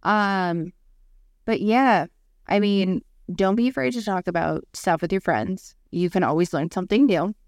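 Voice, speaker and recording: A woman's voice: mid-range voice, measured pace, no echo, clean studio sound. A woman in her thirties, a podcast co-host, telling a story in casual chat and acting out the people she quotes. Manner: animated storytelling with acted-out quotes.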